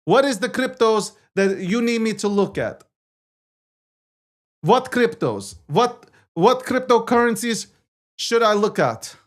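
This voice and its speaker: High-voiced boastful livestream co-host man. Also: big pitch swings. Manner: boastful, joking, halting with repeated phrases. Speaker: weekly co-host of a crypto markets show. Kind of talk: casual livestream market commentary.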